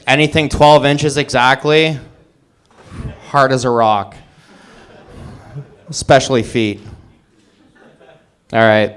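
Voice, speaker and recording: In a smooth, medium-pitched voice, a male stand-up comedian fires off one-liners and laughs at his own jokes.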